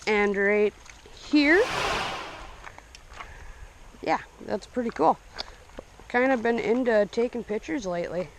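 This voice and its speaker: A young man narrating his fishing trip casually outdoors, breaking into excited outbursts when he hooks a fish. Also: high-pitched, slow, vocal fry, long pauses, slight background noise. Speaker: fishing vlogger. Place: outdoors by a small stream. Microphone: action camera. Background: running stream water.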